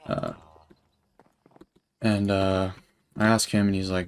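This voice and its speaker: Slow and low-pitched, with little movement in his pitch, a streamer in his twenties rambles through a long tale while gaming, swearing and dropping fillers throughout. A faint hiss or hum sits under the audio.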